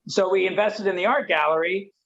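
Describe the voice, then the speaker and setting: Guy from detroit telling a story on a podcast, pretty high voice, animated, kinda dull lo-fi sound. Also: fairly quick. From Detroit, USA. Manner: lively, acts out quoted voices. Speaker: podcast guest.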